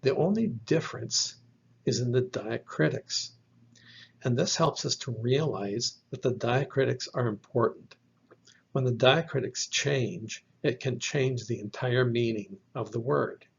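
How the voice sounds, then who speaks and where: A man gives a slide lecture at an unhurried, deliberate pace, spelling words out letter by letter. His voice is gravelly and a little husky. The recording sounds dull and lo-fi. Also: medium pitch. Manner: slow, careful, spells out letters. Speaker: teacher.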